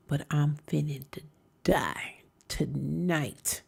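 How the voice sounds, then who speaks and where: Gravelly low-voiced woman hosting a stream. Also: takes it slowly. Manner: emphatic, drops to hushed whispers for drama. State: coughing at times. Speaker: stream host reacting to videos. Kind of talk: casual storytelling commentary.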